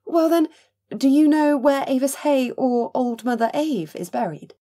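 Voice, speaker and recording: A woman's voice: sits high, unhurried, warm tone, pitched above the performer's own voice. A woman reading an audiobook, voicing an eager, forthright young woman. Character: young woman Gussie, impetuous and determined.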